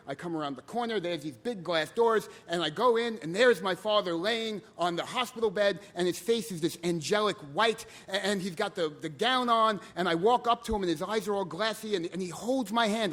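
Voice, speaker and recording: Animated high-voiced male storyteller. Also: a little fast, few pauses. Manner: animated, comic. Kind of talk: live storytelling.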